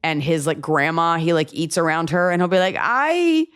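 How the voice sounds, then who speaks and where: A woman's voice: low-pitched, fairly quick, smooth. A woman in her thirties hosting a podcast, chatting casually with jokes and acted-out voices. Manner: animated, jokey, acts out voices. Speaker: podcast host. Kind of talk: casual comedic chat.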